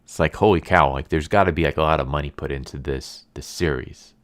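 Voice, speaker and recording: A man with a low, smooth voice talks through an anime episode in a loose, chatty way. He rambles, says "like" constantly and sounds easily amused. The feel is an offhand video review. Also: brisk, a bit bright. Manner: chatty and rambling, heavy use of "like". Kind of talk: casual episode recap and review.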